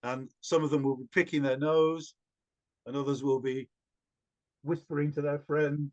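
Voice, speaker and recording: Animated man storyteller, slightly high voice. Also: normal speed, dull audio. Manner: animated, with many repeated words and restarts. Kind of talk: interview answer.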